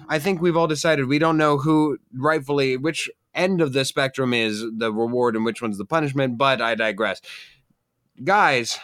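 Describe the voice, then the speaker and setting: A man's voice: medium pitch, normal speed, fairly bright tone, no room sound, clean studio sound. A man hosting a casual group podcast, joking around and making announcements in a playfully grandiose way. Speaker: podcast host.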